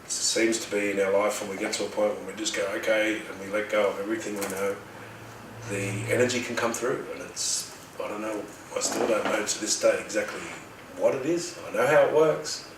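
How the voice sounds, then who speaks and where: Australian man, middle-aged, low voice, casual storytelling, echoey distant recording, faint background ambience. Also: brisk, background noise. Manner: rambling, animated retelling with quoted dialogue. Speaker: healer telling his story.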